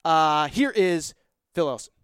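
A man's voice: a little high, lively intonation, unhurried, noisy background. A man hosting a podcast, reading a joking, hyped-up sponsor ad in casual salesman patter. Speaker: podcast host. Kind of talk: host-read sponsor ad.

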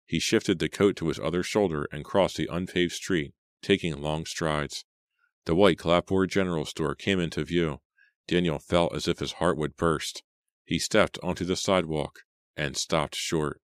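A man reading an audiobook aloud, with measured, dramatic narration. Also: deep voice, no echo, studio quality.

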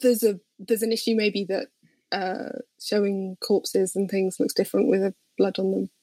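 Sarcastic woman guest, husky and dry. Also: medium pitch, little pitch movement, moderate pace, dark tone, dry recording. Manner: sarcastic, thoughtful, hesitant with many ums. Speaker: podcast guest. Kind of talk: casual chat.

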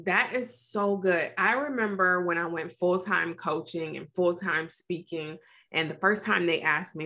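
A woman's voice: fairly low pitch, unhurried, bright, forceful tone. A woman hosting a podcast interview, chatty and storytelling, laughing easily. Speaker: podcast host.

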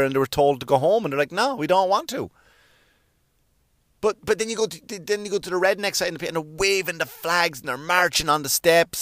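Irish man, podcast host, sweary sarcastic rant, slightly high voice, dry close sound. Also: a bit bright, no room sound. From Ireland. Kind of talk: profane comedic rant.

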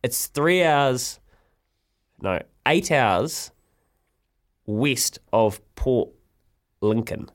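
A man hosting a radio show, telling a story in lively, laughing banter. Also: mid-range voice, drawn-out words, long pauses. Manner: animated storyteller, laughs often. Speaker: radio host.

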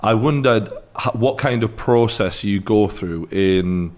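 A man's voice: on the low side, slow pace. A man with a Geordie accent hosting a casual podcast interview, blunt and teasing, swearing freely. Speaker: podcast host.

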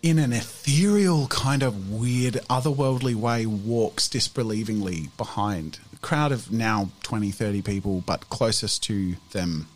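A man narrating a tabletop game as game master, acting out characters with sudden shouts. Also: lowish voice, measured pace, hardly any pauses.

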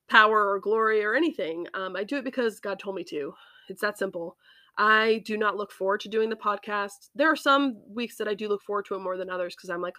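A woman hosting a faith podcast, talking earnestly and haltingly with many ums and restarts, emotional and near tears. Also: medium pitch, sharp tone, no echo, studio quality. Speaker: podcast host. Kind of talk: personal faith reflection.

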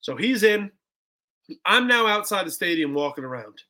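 A young man telling a story on a podcast, casual and animated, acting out what people said with lots of "like" and "bro". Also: high-pitched, normal speed. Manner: animated, acts out quotes, heavy "like" and "bro". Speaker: podcast guest.

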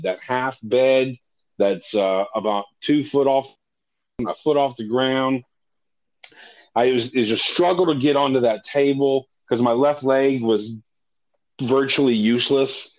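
A man's voice: mid-range voice, lo-fi sound. Rambling, profane man telling a story. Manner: profane, self-correcting, animated when retelling dialogue. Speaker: storyteller recounting a personal ordeal.

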